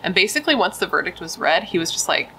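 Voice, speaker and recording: A woman's voice: fairly low pitch, sing-song, fast, sharp tone, a little hiss or hum, poor audio. A young woman casually telling a true crime story, emphatic and chatty, swearing and saying dude and like.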